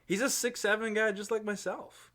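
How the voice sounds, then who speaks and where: A man's voice: high voice, steady tone, moderate pace, pushed and bright. A young man telling stories on a casual podcast chat, laughing often as he talks. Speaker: podcast co-host.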